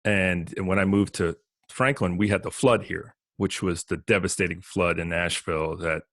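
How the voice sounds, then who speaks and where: A man in his fifties with a New Jersey accent, talking as a guest on an interview podcast in a relaxed, reflective way. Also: sits low, normal speed, no echo, studio quality. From northern New Jersey. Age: 50s. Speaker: podcast guest, business consultant. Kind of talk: casual interview talk.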